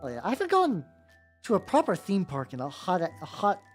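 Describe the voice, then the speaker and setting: A woman's voice: fairly low pitch, huge pitch swings, a little fast, soft background music. A young woman streaming and chatting casually while she paints, rambling with lots of "like" and self-interruptions.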